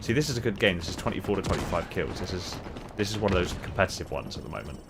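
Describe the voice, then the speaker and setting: Gunfire and effects from the game fill the background as a man with a deep, gravelly voice streams his gameplay. He talks very fast and very animatedly, chatting casually with viewers and leaning on lots of fillers.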